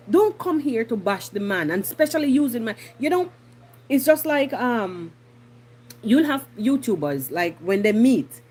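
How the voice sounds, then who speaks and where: A woman's voice: a little high, darkish tone, slight background noise. A woman from Jamaica with a Jamaican accent, hosting a podcast with indignant casual commentary and repeating herself for emphasis. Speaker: podcast host.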